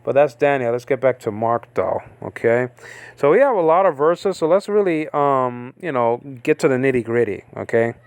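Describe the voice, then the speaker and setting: Here the Bible teacher sounds expressive at a moderate pace, his mid-range voice clean on a dry recording. His informal lecture rambles, full of filler words, as he often pauses to ask "okay?"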